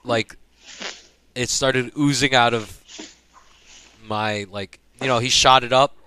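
A young man casually telling a hospital story, profane and animated, acting out the people he quotes. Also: mid-range voice, slow, a little hiss or hum.

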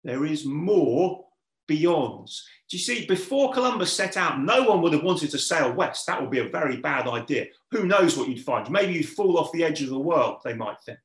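A man's voice: a little high, very animated, a little fast, hardly any pauses, fairly bright tone. A man preaching a sermon, earnest and putting questions straight to his listeners. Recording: echoey room.

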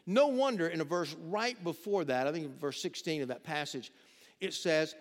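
Male pastor, fairly high voice, emphatic sermon delivery, long church reverb. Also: moderate pace. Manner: emphatic preaching, swinging between loud urgency and low intimacy.

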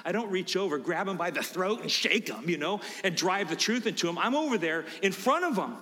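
A man preaching a sermon as pastor, emphatic, swinging from low asides to loud preaching. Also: animated, brisk, few pauses, long reverb tail.

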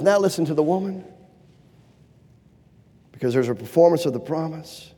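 A man preaching a sermon with fervent delivery, swinging from loud urgent pleading to low hushed lines. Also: big pitch swings, normal speed, pauses often, breathy edge. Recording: long hall reverb.

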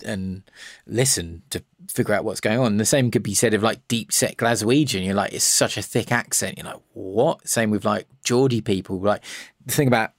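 Low-voiced man, rambling and sweary. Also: moderate pace, no echo, clean studio sound. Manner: rambling, swears freely, enthusiastic about words. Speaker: podcast guest, electronic music producer. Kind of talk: casual podcast chat.

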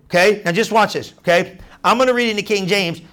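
A preacher with a notably high voice gives an animated, conversational sermon at a quick pace. He repeats his points, acts out the voices of doubters and the crowd, and keeps asking "you understand?" to make sure listeners follow.

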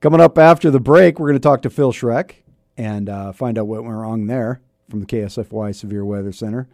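A man's voice: fairly low pitch, a little fast, no room sound. A man hosting a radio talk show, chatting and joking with a guest in the studio and reading station promos. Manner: animated, chatty and joking, with an upbeat announcer delivery on promos. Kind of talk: casual radio banter. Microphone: studio microphone.

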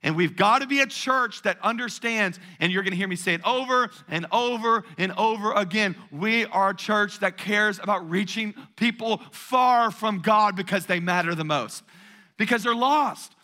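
A man in his thirties preaches to his congregation with energy and emphasis, hammering his points through repetition. His voice sits high for a man and rings very bright and forceful. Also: moderate pace. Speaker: pastor. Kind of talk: sermon.

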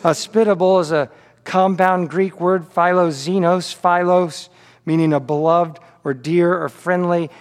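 A man's voice: sits high, steady tone, unhurried, in a large hall. A man pastor delivering a sermon, telling a story with frequent repeated words on restarts.

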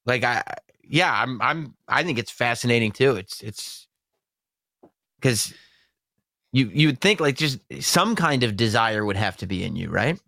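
A man's voice: medium pitch, expressive, measured pace, vocal fry, bright, forceful tone, no echo, studio quality. A young adult man as a podcast guest in casual chat, telling self-deprecating stories and laughing often.

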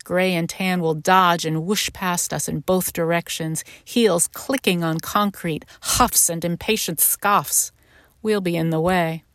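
A woman author gives a measured, intimate literary reading of her own short story. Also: fairly low pitch, dry recording, clean studio sound.

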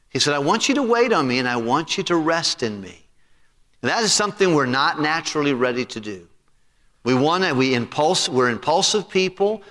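Pastor, male, forceful bright tone, preaching sermon with call-and-response questions, church hall reverb. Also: on the high side. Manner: preaching with rising emphasis and congregational questions. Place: church sanctuary.

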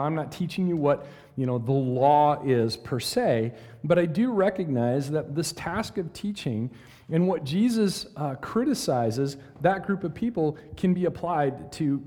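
Animated man teaching scripture, echoing hall. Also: fairly high pitch, moderate pace. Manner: animated, asks listeners questions, reads verses dramatically. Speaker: Bible teacher. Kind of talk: conversational Bible lesson. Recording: long hall reverb.

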